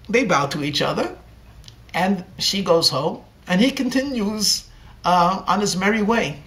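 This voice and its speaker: A man, a rabbi, telling a story in a sermon at a slow, deliberate pace with many pauses. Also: sits high, animated, fairly bright tone.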